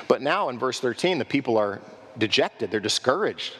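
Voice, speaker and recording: Preaching pastor in a reverberant hall. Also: male voice, mid-range voice, animated, fairly bright tone, slightly rough. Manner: preaching with rhetorical questions to the congregation; acts out worshippers' voices in quick asides. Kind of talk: sermon.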